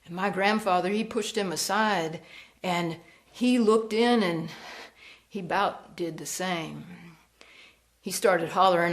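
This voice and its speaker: A woman storyteller performing a ghost story, slow and hushed, dropping to whispers. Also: on the low side.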